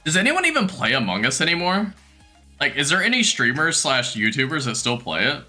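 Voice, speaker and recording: A young man chatting casually on a game live stream, self-mocking and quick to laugh. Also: on the high side, sing-song, sharp tone, faint music behind.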